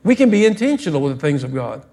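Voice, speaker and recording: High-voiced scolding preacher man. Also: big pitch swings, quick pace, creaky, warm tone. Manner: preachy and scolding, builds to fervent. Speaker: pastor. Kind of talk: sermon. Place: church sanctuary.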